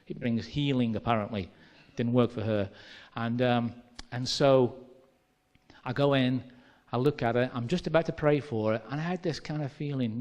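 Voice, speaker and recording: A man's voice: medium pitch, normal speed, a little mellow, lo-fi sound. An English preacher with a Midlands accent tells a personal story from the pulpit. He speaks conversationally and acts out the dialogue as he goes. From England. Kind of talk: sermon storytelling.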